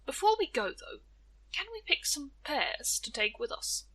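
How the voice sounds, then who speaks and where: A woman's voice: high voice, very animated, measured pace, a bit bright, pitched above the performer's own voice, exaggerated voice, low-quality recording. A woman playing a sly little old lady, coaxing. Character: Tia Miseria, shrewd little old woman.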